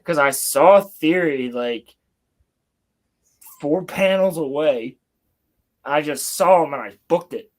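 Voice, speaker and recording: Excited young man telling a story. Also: a little high, slow pace, long pauses. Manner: excited, rambling, swears casually. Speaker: livestream host. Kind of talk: casual storytelling. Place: home, building Lego on stream.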